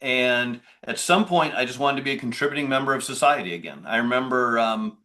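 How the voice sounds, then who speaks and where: Relaxed middle-voiced man talking business. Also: mid-range voice, brisk. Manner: conversational, rambling, with restarts. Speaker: podcast guest, business owner. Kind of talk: casual interview talk.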